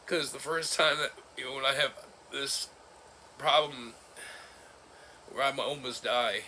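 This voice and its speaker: A man in his forties talking in a personal vlog, halting and emotional, breaking into nervous laughs. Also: mid-range voice, steady tone, sharp tone, a little hiss or hum. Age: 40s. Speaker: vlogger. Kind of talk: personal vlog recounting an ordeal.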